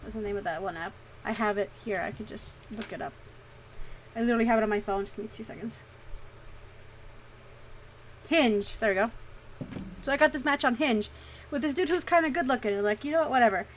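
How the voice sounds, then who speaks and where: Casting: young woman, fairly high voice, animated casual storyteller, curses freely. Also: fairly quick, pauses often, a little hiss or hum, rough recording. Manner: animated, swears freely, laughs often. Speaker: streamer.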